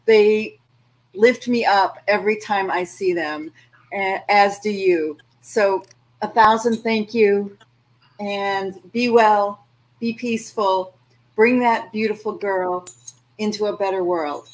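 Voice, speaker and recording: A woman hosting a virtual event, thanking guests warmly and introducing the next act. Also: mid-range voice, steady tone, slow pace, poor audio. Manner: warm thanks and gushing praise. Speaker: host. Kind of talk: hosting a virtual art fair.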